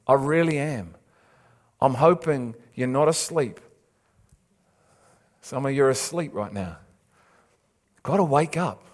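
A man's voice: mid-range voice, slow, long pauses. A man preaching a sermon, urging and imploring his listeners with repeated phrases and casual asides. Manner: impassioned, urging, repetitive emphasis.

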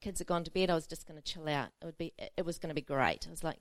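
A woman's voice: sits low, lively intonation, rapid-fire, few pauses, no echo. Woman preacher telling a funny story. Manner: storytelling, self-mocking, laughing often. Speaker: pastor. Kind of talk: sermon.

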